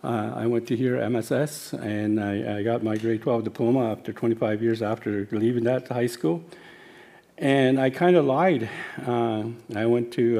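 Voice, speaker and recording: A man in his sixties telling his life story as personal testimony, halting, with many fillers and self-corrections. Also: mid-range voice, dark tone.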